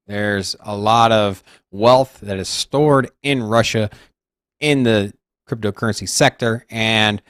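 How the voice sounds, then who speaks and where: A man co-hosting a casual crypto show who gives measured market opinions and thinks aloud. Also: medium pitch, no echo, studio quality. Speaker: co-host of crypto news show.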